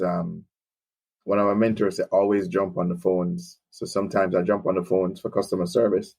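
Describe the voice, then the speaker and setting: A Jamaican man speaking as a podcast guest, his husky voice low in pitch. He talks eagerly about customers and his business in a relaxed back-and-forth. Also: rough recording. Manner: enthusiastic anecdotes about customers. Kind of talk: casual conversational interview.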